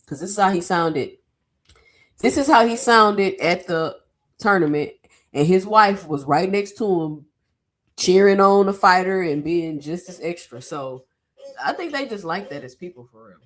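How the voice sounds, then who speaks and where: A woman hosting a casual boxing commentary vlog, chatty and slangy, her throat a little sore from yelling. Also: fairly low pitch, expressive, measured pace.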